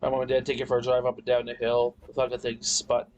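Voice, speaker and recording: A man's voice: mid-range voice, monotone, fast talker, darkish tone, dull audio, a little hiss or hum. A man telling a long story in a casual chat, rambling and cursing, often restarting his sentences. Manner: rambling, profane, frequent restarts. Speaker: podcast guest.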